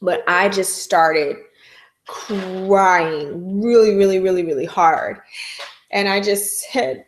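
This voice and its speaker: A woman's voice: medium pitch, slow, a little hiss or hum. A woman vlogger telling a personal story in casual, candid, emotional slang.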